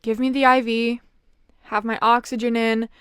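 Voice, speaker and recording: A young woman chatting casually as she tells a personal story, with lots of fillers and an animated delivery. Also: on the high side, normal speed, clean tone, no echo, clean studio sound. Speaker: vlogger.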